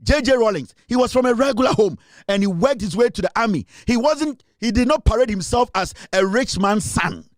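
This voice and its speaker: A man's voice: sits high, expressive, brisk, no echo, studio quality. A man with a Ghanaian accent delivering a heated, scornful political rant, repeating himself and mixing in Twi. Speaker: political commentator.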